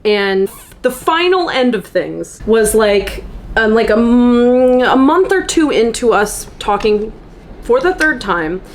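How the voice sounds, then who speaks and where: Casting: young woman in her twenties, slightly high voice, loose filler-heavy storytime chat. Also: sing-song, takes it slowly. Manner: rambling, filler-heavy, frank and profane. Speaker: content creator.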